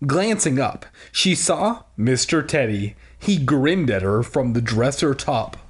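A man's voice: medium pitch, expressive, slow pace, hardly any pauses, slightly rough. An irreverent young man reading a storybook aloud. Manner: irreverent, ad-libbing crude jokes. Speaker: storybook reader. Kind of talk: casual storybook read-aloud with asides.

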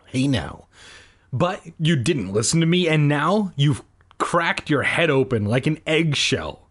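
A man's voice: fairly high pitch, very animated, a little slow, a bit bright, exaggerated voice. A man voicing a worried, fussy mother who frets and scolds in a comic storybook reading. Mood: stern. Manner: fretful, then stern and scolding.

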